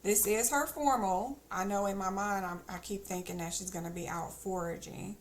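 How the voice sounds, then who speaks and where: A woman's voice: mid-range voice, fairly even intonation, moderate pace, slight background noise. A woman streamer chatting casually as she plays, thinking aloud with teasing asides. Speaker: game streamer. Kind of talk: casual gameplay commentary.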